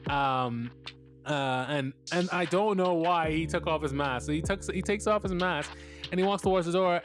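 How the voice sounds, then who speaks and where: A man hosting a podcast, recapping a TV episode in a loose, rambling way, full of fillers, swearing and frequent laughter. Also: on the high side. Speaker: podcast host.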